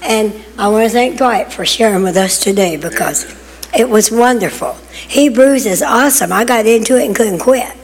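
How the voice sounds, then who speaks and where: A woman's voice: on the high side, normal speed, crowd noise. An older woman church member giving a chatty, emphatic testimony with laughing asides. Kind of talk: personal testimony in church sharing time. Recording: long hall reverb.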